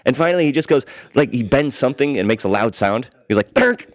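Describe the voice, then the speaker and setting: A man who is a guest comedian, telling crude stories in a casual chat and shouting out the lines he quotes. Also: medium pitch, expressive, fast, no room sound.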